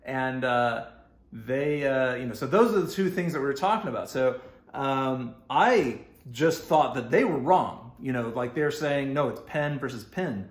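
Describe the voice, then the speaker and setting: A man's voice: medium pitch, animated, a little slow, echoey room. A man with a Texan accent telling a personal story casually, rambling with lots of fillers and restarts and laughing often. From Texas.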